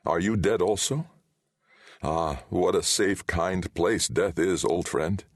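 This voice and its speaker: A man's voice: deep voice, slow pace, dry recording, studio quality, voice pushed up, exaggerated voice. A man voicing a weary male king who speaks in a formal, stately way. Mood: dazed, bewildered.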